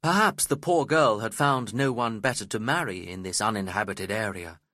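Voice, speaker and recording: A man reading a story aloud as its narrator, in a slow, measured and expressive way. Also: fairly low pitch, no room sound, clean studio sound.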